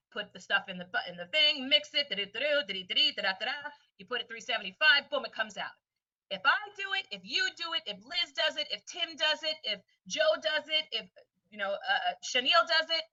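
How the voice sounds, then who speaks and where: A woman teacher presenting a webinar lesson in a lively way, often slipping into quick voices for students and friends. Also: on the high side. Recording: distant, dull lo-fi sound.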